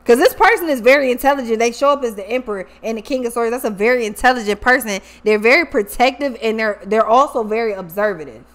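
Animated profane woman reading tarot. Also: on the high side, quick pace, hardly any pauses. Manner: animated, profane, acts out quoted people. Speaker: tarot reader.

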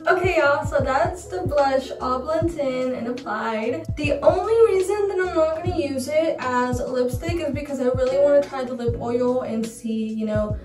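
A woman's voice: high-pitched, moderate pace, hardly any pauses, music in the background. Gushing young woman, echoey and distant. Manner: gushing, excitable, dramatic. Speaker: beauty vlogger. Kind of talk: casual makeup review. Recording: roomy echo, mic far off.

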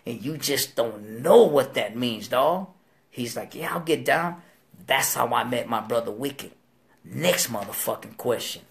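A man's voice: medium pitch, gravelly. A man as a talk show guest telling a story in profane street slang, acting out the quoted voices. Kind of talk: storytelling interview.

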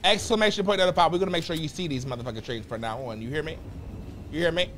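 Sassy high-voiced man livestreaming. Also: racing, slight background noise. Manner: loud, sassy, campy banter; repeats phrases in bursts. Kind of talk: live stream chat to viewers.

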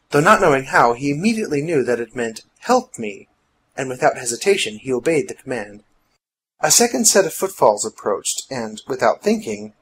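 A man's voice: mid-range voice, breathy edge, poor audio. A man narrating a steampunk adventure story in a dramatic storytelling manner. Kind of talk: scripted audiobook narration.

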